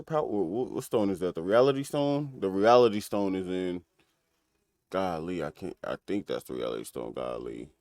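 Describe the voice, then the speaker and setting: A man's voice: fairly low pitch, a little mellow, clean tone, no echo. Rambling casual male streamer, dry close sound. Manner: loose and rambling, lots of fillers and laughs. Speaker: streamer recapping an episode. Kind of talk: casual episode breakdown.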